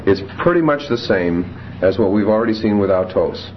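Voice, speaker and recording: A man teaching a Greek grammar class, reading Greek examples slowly and then explaining them with fillers. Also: on the low side, animated. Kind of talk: classroom lecture. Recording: dull lo-fi classroom tape, faint hiss.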